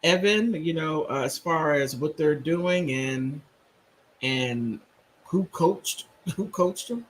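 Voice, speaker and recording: A man hosts a live stream in a loose, rambling commentary style, answering viewers as he goes. His voice sits a bit high and has a husky, slightly breathy grain. He speaks into a computer mic from a home setup. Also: animated, slow pace, fairly bright tone, low-quality recording. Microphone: computer mic on a streaming app.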